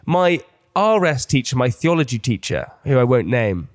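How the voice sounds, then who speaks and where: A man, hosting a podcast and telling stories in a casual, animated way, laughing often. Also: medium pitch, normal speed, no echo, studio quality. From England. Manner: animated, laughs often, acts out voices in anecdotes. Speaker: podcast host. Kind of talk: casual storytelling chat.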